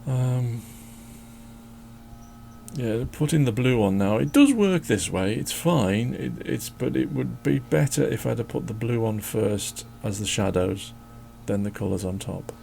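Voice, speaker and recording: A man's voice: mid-range voice, lively intonation, unhurried, vocal fry, dark tone, slight background noise. A man chatting casually as he draws, rambling and joking and talking to his dog. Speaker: drawing channel host. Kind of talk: casual chat while drawing.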